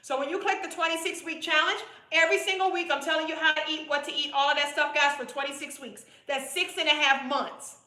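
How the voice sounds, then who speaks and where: A woman's voice: high voice, fairly even intonation, fairly quick, few pauses, pushed and bright. A woman weight-loss coach talking straight to her viewers in a blunt, chatty way on a live stream. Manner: direct, chatty, repetitive, calls viewers "boo". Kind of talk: casual live-stream sales pitch. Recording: roomy echo.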